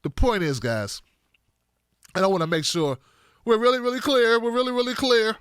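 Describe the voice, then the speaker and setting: High, bright-voiced emphatic male commentator. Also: normal speed, smooth, no echo, studio quality. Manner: animated and emphatic, repeats points for stress. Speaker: political commentator, host. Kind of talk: casual political commentary monologue.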